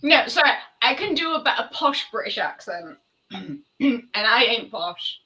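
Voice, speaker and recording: Bright-voiced woman co-hosting a podcast. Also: a little high, very animated, a little slow, low-quality recording. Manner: chatty and self-mocking. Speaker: podcast co-host. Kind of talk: casual chat. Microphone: video call.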